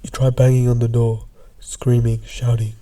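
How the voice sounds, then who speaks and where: A young man casually narrating a second-person storytime, often dropping into hushed, half-whispered asides. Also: mid-range voice, completely flat delivery, moderate pace.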